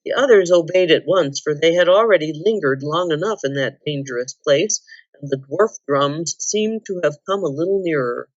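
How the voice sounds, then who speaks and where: A woman reads a children's novel aloud at a calm, measured pace. Her voice sits fairly low, heard close and dry, and the recording sounds slightly muffled. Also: dry recording. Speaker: volunteer reader. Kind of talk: storybook read-aloud.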